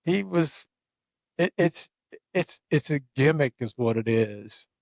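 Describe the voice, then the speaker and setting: A man's voice: on the high side, takes it slowly, gravelly, no echo. A man hosting a casual chat, telling a long anecdote with lots of restarts and repeated words. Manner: rambling, animated, repeats words when starting sentences. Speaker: podcast host.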